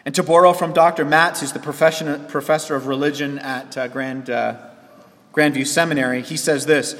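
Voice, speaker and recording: A man's voice: fairly high pitch, fairly even intonation, moderate pace, a bit bright. Preaching man in an echoing church. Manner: earnest preaching, rising and dropping sharply for emphasis. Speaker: pastor. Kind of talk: sermon.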